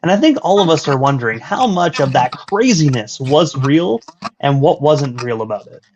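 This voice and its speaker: A man's voice: fairly high pitch, animated, moderate pace. A male radio host eagerly asking an interview question, stumbling over his words. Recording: dull lo-fi line.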